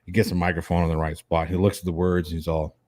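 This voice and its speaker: A man's voice: sits low, fast talker, no room sound. A man hosting a casual stream, telling a rowdy story with lots of swearing and laughter. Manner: animated, profane, laughing storyteller. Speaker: host.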